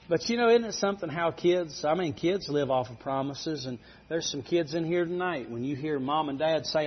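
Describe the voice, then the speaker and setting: Middle-aged male preacher, husky, slightly high, folksy storytelling sermon on a dull lo-fi recording. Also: lively intonation, normal speed, hardly any pauses.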